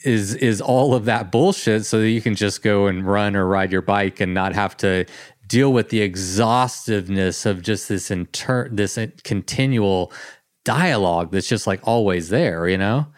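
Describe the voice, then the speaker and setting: A man's voice: on the low side, normal speed, no echo, studio quality. A man hosting a podcast, chatting in a rambling, enthusiastic way full of fillers. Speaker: podcast host. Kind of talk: casual interview chat.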